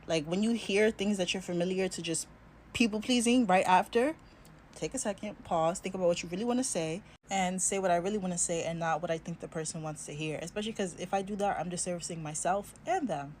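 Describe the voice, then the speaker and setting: A woman teacher talking casually to camera, telling an animated story and acting out the people in it. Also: lowish voice, brisk, slight background noise. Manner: animated, acts out the people in her stories.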